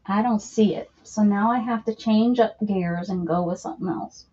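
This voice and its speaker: A woman's voice: medium pitch, normal speed, dark tone, muffled recording. A woman hosting a casual crafting livestream, playful and chatty, talking to her viewers as she works. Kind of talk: casual live crafting chat.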